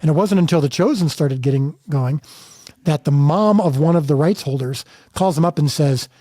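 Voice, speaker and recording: A man's voice: on the high side, normal speed, dark tone, no room sound, clean studio sound. A middle-aged man from the United States, a filmmaker telling stories in a candid interview with emphatic, earnest restarts. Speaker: filmmaker guest.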